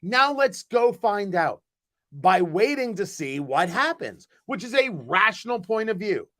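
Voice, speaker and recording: A man hosting his own show in casual live-stream chat, emphatic and animated, often repeating words as he talks, originally from the US East Coast. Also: sits high, measured pace. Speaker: host.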